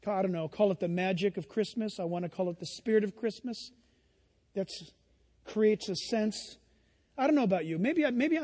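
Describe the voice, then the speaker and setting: High-voiced male pastor preaching. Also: fairly quick, darkish tone, big-room sound. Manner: conversational storytelling, rhetorical questions to the congregation. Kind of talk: sermon.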